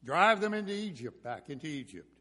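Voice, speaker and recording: A man voicing a ruthless ancient king who shouts harsh orders at his army, in a hall with long reverb. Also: a little high, sing-song, a little fast, exaggerated voice. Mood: furious.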